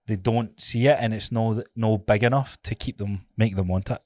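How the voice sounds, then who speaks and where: A man's voice: on the low side, normal speed, a little mellow, dry recording, studio quality. A man co-hosting a casual fitness podcast, chatty and laughing often, retelling stories with quoted voices. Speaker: podcast co-host.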